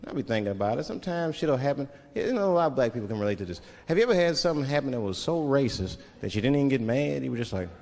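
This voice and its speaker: A man performing an animated, profane stand-up comedy routine on a large stage, acting out voices. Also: medium pitch, rapid-fire, gravelly, hardly any pauses. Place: large theater stage with live audience. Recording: reverberant hall, loud crowd laughter.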